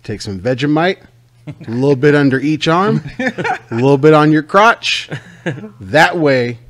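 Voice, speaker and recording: This American podcast host runs a laid-back comedy show, swearing at will and riffing like an overbearing salesman for laughs. He speaks unhurriedly, with a fairly high, expressive and somewhat bright voice.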